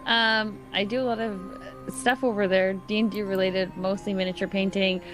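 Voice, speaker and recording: Brief: female player, bubbly and giggly, mid-pitched, music clearly under her. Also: level tone, moderate pace. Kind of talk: casual self-introduction on a game stream.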